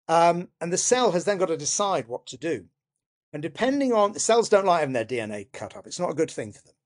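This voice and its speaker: A man, a biologist and author, explaining science in a conversational interview, with lively restarts and self-deprecating humor. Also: a little high.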